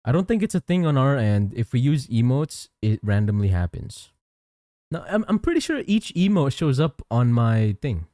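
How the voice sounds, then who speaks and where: A man's voice: mid-range voice, big pitch swings, moderate pace, warm tone, no echo, studio quality. A young man chatting casually on a live stream as a VTuber, reading chat aloud and answering viewers with frequent restarts.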